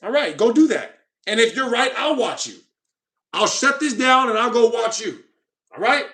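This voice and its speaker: Guy with a pretty high voice reading his live chat, gets defensive, lectures people, keeps saying "you know what i mean". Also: animated, normal speed, bright, forceful tone. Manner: defensive and lecturing, argues with commenters. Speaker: streamer reading viewer chat.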